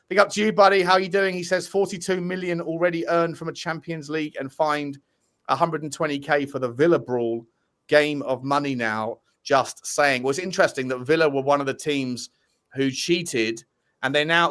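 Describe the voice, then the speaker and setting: A man hosting a casual fan podcast, cheerfully reading out and thanking super chat donors. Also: on the high side. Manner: upbeat, shouting out donors, chatty with restarts. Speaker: host reading super chats.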